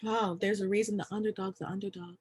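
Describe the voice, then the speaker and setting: A woman's voice: mid-range voice, steady tone, quick pace, a little mellow, slightly rough, natural voice. A woman playing a playful, teasing young woman arguing basketball, read over a video call. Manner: teasing, showy.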